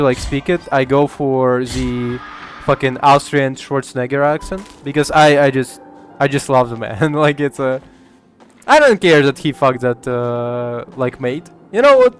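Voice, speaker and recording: A man's voice: mid-range voice, fairly even intonation, a little slow, a little hiss or hum. A man streaming a game, rambling casually with lots of swearing, laughter and filler words. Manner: rambling, profane, laughs a lot, many fillers. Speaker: gaming streamer. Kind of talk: casual gameplay commentary.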